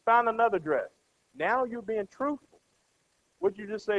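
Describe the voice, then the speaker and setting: A man's voice: high-pitched, expressive, moderate pace. A man preaching a conversational sermon to a congregation, often checking in with "right?" and acting out everyday characters. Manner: acts out everyday characters with a changed voice. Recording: dull lo-fi sound.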